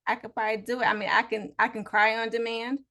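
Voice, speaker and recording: Gravelly-voiced woman telling stories on a call. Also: on the high side, level tone, fast talker, pushed and bright. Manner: storytelling, laughing, acts out quotes. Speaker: podcast co-host. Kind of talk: casual chat. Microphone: video call.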